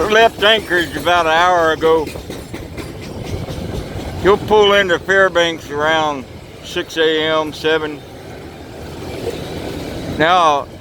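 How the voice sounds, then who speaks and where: Rambling folksy male vlogger outdoors on a camera mic, unhurried, slightly high-pitched. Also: background noise. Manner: rambling, folksy, swears casually. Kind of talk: casual outdoor vlog narration. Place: outdoors by railroad tracks.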